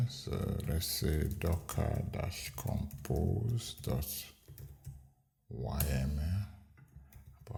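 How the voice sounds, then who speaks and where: A man hosting a screen-recorded coding tutorial, explaining each step in an unhurried way with fillers. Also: rumbling low, gravelly, warm tone. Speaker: programming tutorial host.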